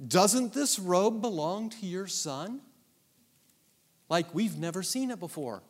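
A man's voice: high voice, animated, slow pace, heavily acted. A man reading the lines of jealous, scheming brothers in a sly, mocking way. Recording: long hall reverb.

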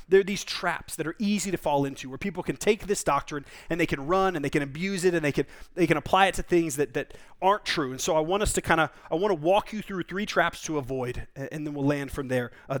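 A man, a pastor, preaching a conversational sermon in an earnest, informal way, often restarting and repeating words. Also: a little high.

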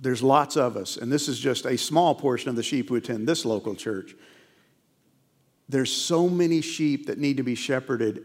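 In a church sanctuary, a middle-aged pastor with a mid-range voice preaches earnestly and conversationally, peppering his sermon with rhetorical questions. The sound reflects a large hall.

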